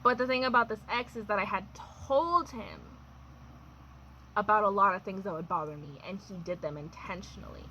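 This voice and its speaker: A woman's voice: mid-range voice, fairly quick, pushed and bright, muffled recording, slight background noise. A young adult woman telling a personal storytime in a chatty, wry way, full of fillers and laughs. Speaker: vlogger. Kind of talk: casual storytime.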